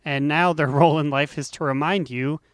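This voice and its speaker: A man co-hosts a casual podcast, trading deadpan, absurd jokes. His voice is fairly high and smooth, recorded dry and close. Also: a little fast, dry recording. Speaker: podcast co-host. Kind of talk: casual chat.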